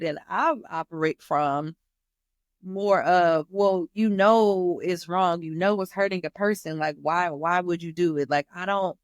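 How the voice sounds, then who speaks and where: A woman's voice: fairly low pitch, dry recording, clean studio sound. A woman hosting her own show, speaking candidly and with animation about her personal journey, calling her listeners "y'all". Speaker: host. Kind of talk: personal testimony.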